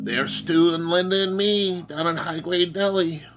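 Upbeat Detroit vlogger; slow, unhurried, exclamatory slideshow narration. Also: male voice, high voice, fairly even intonation, fairly bright tone, soft background music. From Detroit, Michigan. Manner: upbeat, exclamatory, keeps saying "oh".

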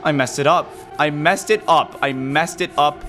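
A man giving casual gameplay commentary, jumpy and excitable, yelping and muttering to himself. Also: fairly high pitch, normal speed, soft background music. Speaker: gaming video host.

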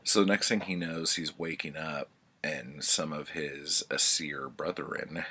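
A man's voice: very deep voice, steady tone, takes it slowly, sharp tone, breathy edge. A man who runs a book channel, retelling a story in a casual, rambling way, full of fillers and swearing. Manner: rambling, filler-heavy, profane. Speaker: book vlogger.

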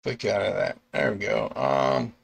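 A middle-aged man, a comic artist and bus driver, chatting casually on a live stream, rambling with restarts and chuckles and acting out quoted lines in sudden high yelps. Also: expressive, a little slow, gravelly, husky. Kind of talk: casual live-stream chat about artwork.

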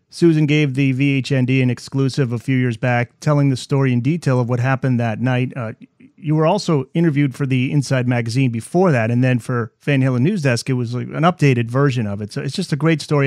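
A man's voice: mid-range voice, darkish tone, no echo, studio quality. A man hosting an interview, asking friendly, encouraging questions. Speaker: interview host. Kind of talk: casual interview.

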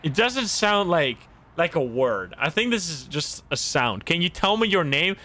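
A young man livestreaming a game, thinking aloud in casual commentary, excitable and quick to laugh and exclaim. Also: on the high side, a little hiss or hum. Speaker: streamer playing a game. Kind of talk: casual live gameplay commentary.

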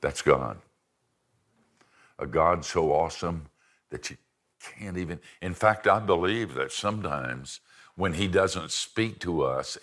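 A man's voice: deep voice, a bit bright. An older man preaching a sermon with folksy, self-deprecating humor and storytelling. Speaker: pastor and seminary teacher.

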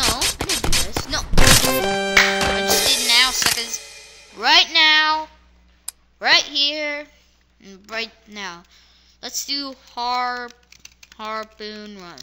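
A woman giving excitable let's-play commentary, yelping at fails and muttering asides. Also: fairly high pitch. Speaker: gamer. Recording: loud background noise.

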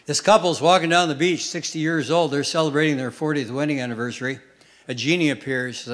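A man performing a stand-up comedy routine on a stage, telling short jokes and dropping punchlines in a deadpan way. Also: medium pitch, fairly quick. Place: theater stage with live audience. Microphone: stage microphone.

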